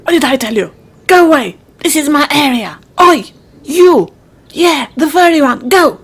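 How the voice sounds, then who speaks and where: A woman voicing a bossy, territorial park bird that shouts and scolds other animals off its patch. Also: sits high, lively intonation, unhurried. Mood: scolding.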